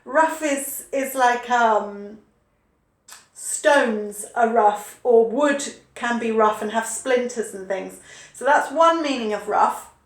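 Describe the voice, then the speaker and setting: Patient woman teacher, high voice, unhurried delivery, spells words letter by letter. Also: echoey room. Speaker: English teacher. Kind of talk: online English spelling lesson.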